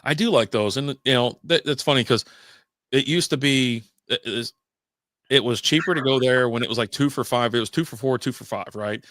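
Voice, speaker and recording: A man's voice: mid-range voice, fairly quick, fairly bright tone, dry recording, clean studio sound. An American man co-hosting a podcast in casual chat, rambling and laughing between stories. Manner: rambling, laughs often, full of fillers. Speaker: podcast co-host.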